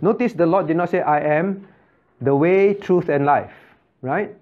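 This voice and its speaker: A male pastor leads a Bible class, hammering key words and firing questions at his listeners. His voice sits a bit higher than most men's. The sound is thin and tinny, like a phone line. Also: normal speed. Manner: emphatic, repeats key words and quizzes listeners with "right?". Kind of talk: interactive Bible study teaching.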